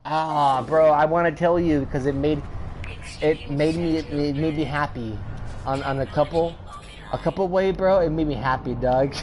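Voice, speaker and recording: A man's voice: on the high side, darkish tone, a little hiss or hum, low-quality recording. A man streaming a game who tells a long, profane story in casual slang, repeating himself and getting worked up as he goes. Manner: repeats himself and builds up heat. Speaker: gaming streamer. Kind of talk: casual storytelling while playing.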